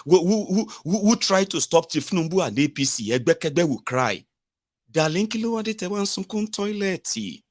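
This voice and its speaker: A man acts out a Nigerian wife who coos over her husband with teasing pity. Her voice sits high and comes out loud. The sympathy is put on, and her jabs come through it. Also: lightly acted. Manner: cooing, mock-sympathetic, teasing. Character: mocking wife comforting her crying husband.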